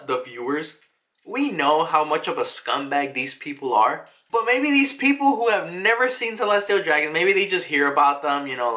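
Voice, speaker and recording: A man recapping a comic chapter in a loose, excitable way, swearing casually between reactions. His voice is bright and forward, with pitch that jumps all over the place.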